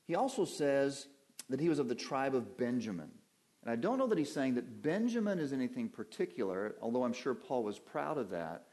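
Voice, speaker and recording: A man's voice: medium pitch, lively intonation, fairly quick, a little mellow. A man preaching an evening Bible-teaching sermon from a church pulpit, in a conversational teaching manner, putting questions to his listeners and answering them.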